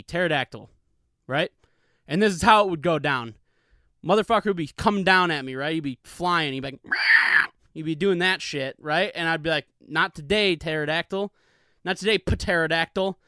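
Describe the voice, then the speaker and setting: Profane high-voiced man riffing solo. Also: sharp tone, no room sound, clean studio sound. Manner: rambling, profane, hyped storytelling. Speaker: comedy podcast host. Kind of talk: solo comedic monologue. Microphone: studio mic with pop filter.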